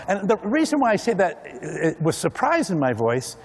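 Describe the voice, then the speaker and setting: Animated man giving a keynote. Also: high-pitched, fairly quick, hardly any pauses, in a large hall. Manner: animated, acts out other people's voices. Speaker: keynote speaker. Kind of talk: conference keynote talk. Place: large conference hall.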